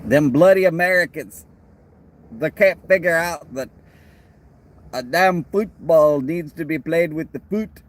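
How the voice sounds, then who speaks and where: A man's voice: on the high side, unhurried, pauses often, lightly acted. A man with a Texan accent putting on a mock-indignant Englishman who grumbles in an exaggerated, blustery way. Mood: mock scorn. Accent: Texan, attempting English.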